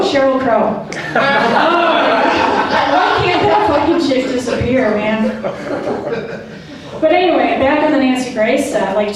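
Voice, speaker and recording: A woman performing a stand-up routine, telling a casual, profane, slangy story and doing voices for the characters. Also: a little high. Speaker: stand-up comedian. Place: comedy club stage. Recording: echoey club from far off with crowd laughter. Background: audience laughing.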